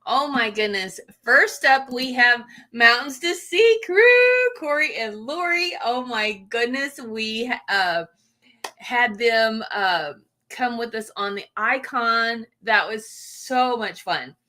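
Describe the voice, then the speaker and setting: A woman's voice: on the high side, lively intonation, takes it slowly, bright, forceful tone. Gushing woman hosting live chat. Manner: gushing and emotional, many fillers. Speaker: livestream host. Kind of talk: casual live chat with viewers.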